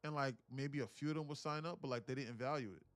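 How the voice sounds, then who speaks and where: A young man hosting a live day-trading stream, talking casually and telling stories in animated, profane slang. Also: mid-range voice, fast. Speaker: day-trading livestream host.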